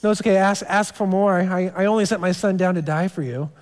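A man voicing God as a patient, gently insistent father, speaking with calm, lightly ironic insistence. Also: high voice, quick pace, long reverb tail, close to an everyday voice.

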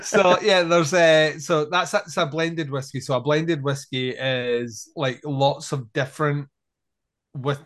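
Enthusiastic higher-voiced podcast guest. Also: male voice, steady tone, a bit bright. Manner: enthusiastic, explains things at length, quick laughs. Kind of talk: casual chat.

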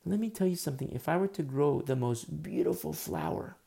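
A man preaching a sermon in an earnest, conversational way, sometimes dropping his voice low. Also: animated, a little fast, vocal fry, warm tone, breathy edge. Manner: earnest, conversational preaching, drops to a whisper at times. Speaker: pastor.

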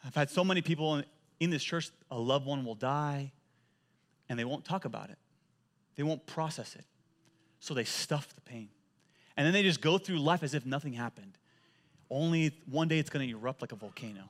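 A male pastor preaching a sermon, telling animated stories and often repeating words as he goes. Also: medium pitch, moderate pace, long pauses.

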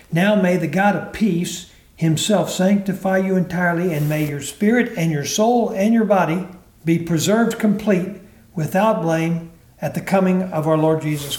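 A man teaching a Bible class, earnest and deliberate, slowing down to stress key words. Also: on the high side, darkish tone, reverberant. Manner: earnest teaching with slow, emphatic phrasing. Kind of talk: Bible lesson.

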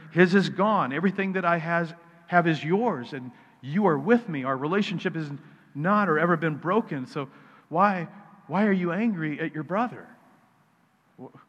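A loving father, voiced by a male preacher, reasons with his son in a calm, pleading way. The voice sits a little high for a man and carries a long hall echo over dull, muffled sound. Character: patient loving father, gently reassuring.

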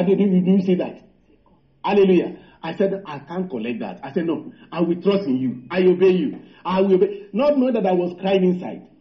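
A man preaching a sermon, halting and repeating words, calling out hallelujah and asking the congregation rhetorical questions. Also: high-pitched. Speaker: pastor. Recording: echoey room, dull lo-fi sound.

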